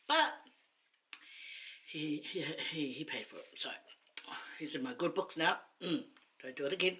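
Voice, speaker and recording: A woman's voice: low-pitched, a little slow, long pauses, a bit bright, a little hiss or hum. A woman chatting casually to camera while eating, rambling and laughing between asides. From New Zealand. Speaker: mukbang vlogger.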